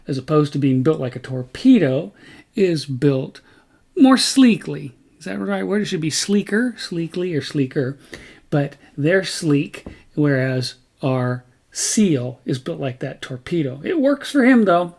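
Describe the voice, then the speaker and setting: A man's voice: fairly high pitch, animated, measured pace, creaky, a little mellow. A man hosting a casual nature vlog outdoors, chatty and folksy, often stopping to correct himself mid-sentence. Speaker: vlog host.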